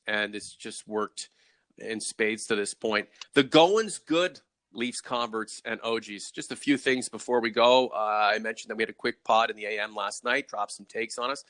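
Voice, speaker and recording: A man hosting a casual hockey talk show, energetic, asking questions and reading viewer comments. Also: lowish voice, dry recording. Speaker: host.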